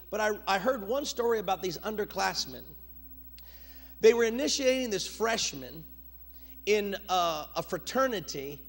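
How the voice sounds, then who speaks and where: A middle-aged male pastor preaching a sermon, moving from loud urgent bursts to low, quiet asides.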